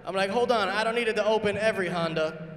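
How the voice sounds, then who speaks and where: A man's voice: sits high, fast talker, fairly bright tone. A man doing a stand-up bit in a conversational way, acting out both sides of an exchange. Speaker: stand-up comedian. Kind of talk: stand-up set. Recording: echoey hall from far off.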